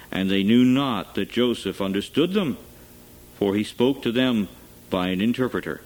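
A man reading scripture aloud in a solemn, measured way. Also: medium pitch, lively intonation, darkish tone, rough recording. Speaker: scripture reader.

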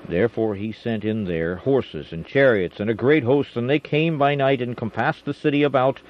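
A man reading scripture aloud in a dramatic, expressive way, with shifting emphasis and slight stumbles. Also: mid-range voice. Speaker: scripture reader. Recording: dull lo-fi recording, faint hiss.

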